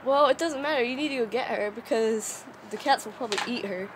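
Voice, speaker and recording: A teenage girl with a groggy just-woken-up voice, excitedly chatting over her pets outdoors while filming. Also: a little high, a little fast. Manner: excitable, gushing over kittens. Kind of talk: casual chat. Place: outdoors in a yard. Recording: noisy outdoor home video.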